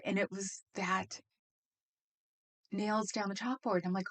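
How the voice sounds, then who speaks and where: A woman live-streaming in a loose, rambling way, with a voice of ordinary middle pitch. She chats straight to her viewers and laughs easily as she wanders from one thought to the next. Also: fairly bright tone. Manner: rambling, chatty, quick to laugh; talks to viewers in chat. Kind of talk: casual live-stream chat.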